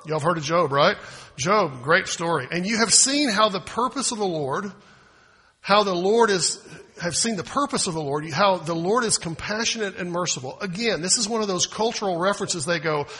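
A man's voice: sits high, expressive, normal speed, bright, forceful tone, breathy edge. A man preaching a sermon from the United States, talking conversationally with rhetorical questions and acting out quoted voices. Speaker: pastor.

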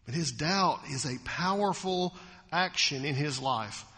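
A man's voice: on the high side, measured pace, long reverb tail. A man preaching a sermon to his congregation in a church, questioning them and acting out voices. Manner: animated, acts out quoted voices, asks the congregation questions. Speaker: pastor. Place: church sanctuary.

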